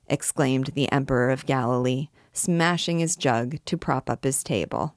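A woman reads a classic novel aloud, measured and expressive. Her voice sits low for a woman, and the recording is dry and close with no room sound. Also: no room sound. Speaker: reader of a book.

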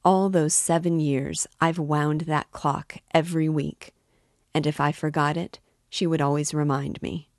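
A sly middle-aged landowner, read by a woman rambles in a confiding, oddly offhand way. The voice sits low and moves slowly. The sound is dry and close. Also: steady tone, darkish tone, dry recording. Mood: musing. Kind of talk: reading a novel aloud.

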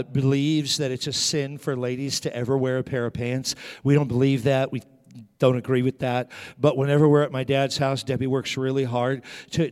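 A middle-aged man preaching a sermon as a pastor, telling stories with frequent restarts. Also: mid-range voice. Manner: storytelling with repeated restarts. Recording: long hall reverb.

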